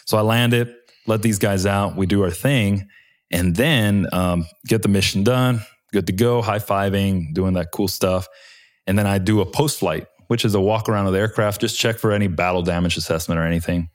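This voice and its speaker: A man's voice: lowish voice, steady tone, normal speed. A man, a helicopter pilot, telling war stories in a laid-back, slangy way with casual swearing. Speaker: Chinook helicopter pilot, guest.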